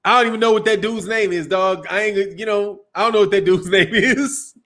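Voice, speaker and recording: High-pitched profane boxing streamer. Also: male voice, fairly even intonation, brisk, fairly bright tone. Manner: loose, profane, laughing, reads super chats. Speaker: boxing channel host. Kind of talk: casual livestream talk.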